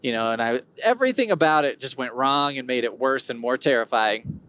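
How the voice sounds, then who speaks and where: A man hosts his own podcast alone, chatting in a loose, rambling way. He wanders from tangent to tangent with dry, wry humor. His pitch swings widely, rising and dipping as he tells his stories. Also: lively intonation, brisk, a bit bright, clear, resonant tone. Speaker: podcast host. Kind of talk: casual solo podcast monologue.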